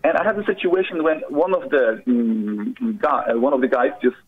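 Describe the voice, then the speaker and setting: A man from Poland with a Polish accent, calling in to a show and speaking haltingly, full of "you know". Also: mid-range voice. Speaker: caller. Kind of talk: casual call-in chat. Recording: muffled phone call-in line.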